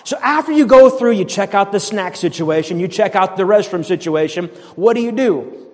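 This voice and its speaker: A man's voice: high-pitched, lively intonation, moderate pace, a little mellow. A man from the area preaching a sermon as pastor, with fervent, conversational delivery and repeated emphatic commands. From Boston area, USA. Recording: long hall reverb.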